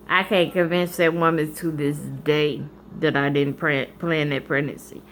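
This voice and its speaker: A woman vlogger telling a personal story in a candid, animated, colloquial way. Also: low voice, moderate pace, few pauses, slight background noise.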